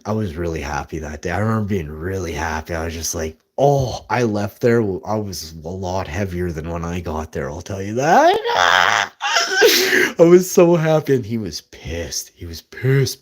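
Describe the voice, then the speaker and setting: A man telling rambling, boastful stories as a live streamer, with bursts of loud laughter. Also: deep voice. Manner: boastful, rambling, laughs loudly mid-story. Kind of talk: rambling storytelling.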